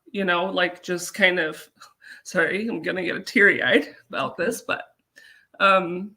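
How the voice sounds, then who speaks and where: A woman from Colorado telling a personal story as an interview guest, halting and earnest, with many fillers. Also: on the low side, vocal fry, bright, forceful tone. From Colorado, USA.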